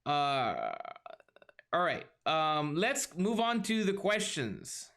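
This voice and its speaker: A man co-hosting a casual podcast chat, easygoing and quick to laugh, steering the talk along. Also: on the high side, big pitch swings, a bit bright. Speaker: podcast co-host.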